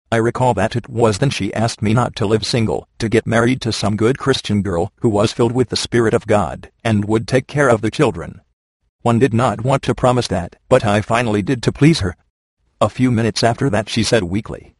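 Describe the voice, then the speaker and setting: A man narrating a first-person memoir, reading in a steady, measured way. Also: fairly low pitch, no room sound.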